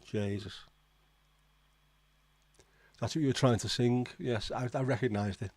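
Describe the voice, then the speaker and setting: A man's voice: medium pitch, measured pace, darkish tone, dry recording. A man hosting a casual livestream, reading out viewer comments and reacting with blunt, swearing disbelief. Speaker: livestream host.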